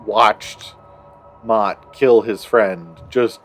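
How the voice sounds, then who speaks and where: A man narrating as game master of a tabletop game, relaxed and laughing, drawing his descriptions out. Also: fairly low pitch, very slow, faint music behind.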